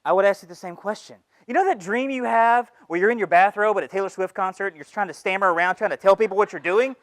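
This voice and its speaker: Man doing a high, mocking inner voice of fear, sarcastic and taunting, dry sound. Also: fast talker, fairly bright tone, dry recording. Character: sneering inner voice of fear, male, belittling. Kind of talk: comic stage monologue.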